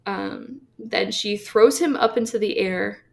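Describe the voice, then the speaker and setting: A woman co-hosting a podcast, casually retelling a comic book story with lots of fillers and quick acted-out quotes. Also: mid-range voice, gravelly. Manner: chatty, filler-heavy, acts out quotes. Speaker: podcast co-host.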